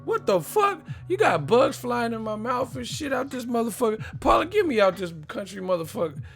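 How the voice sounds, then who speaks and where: A man voicing a TV news reporter who drops his polished delivery and starts yelling and swearing. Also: high-pitched, lively intonation, unhurried, soft background music, voice pushed up. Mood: outraged. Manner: shouting and swearing after a formal news-anchor opening.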